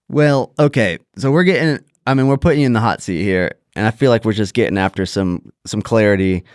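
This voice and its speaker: A male podcast host with a lowish voice jokes and teases his guest, laughing between his lines. The sound is close and dry. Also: normal speed, a little mellow, dry recording. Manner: teasing, laughing, joking. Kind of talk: casual podcast chat.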